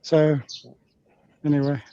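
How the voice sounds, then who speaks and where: Australian man, casual livestream guest, crude jokey rambling, slightly high voice, dry muffled audio. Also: completely flat delivery, slow, warm tone, clear, resonant tone, no room sound. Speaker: stream guest.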